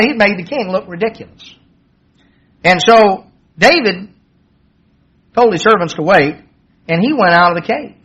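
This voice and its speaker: A man's voice: sits high, a bit bright, breathy edge. A man preaching a sermon, retelling a Bible story in a conversational way and acting out the quoted dialogue with a raised voice. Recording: dull lo-fi sermon recording.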